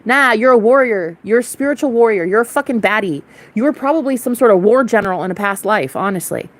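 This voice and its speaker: A young woman talks straight to her viewers in a casual spiritual rant. Her voice sits a little high, and she is blunt and defiant, swearing freely as she goes. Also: expressive, quick pace. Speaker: spiritual vlogger.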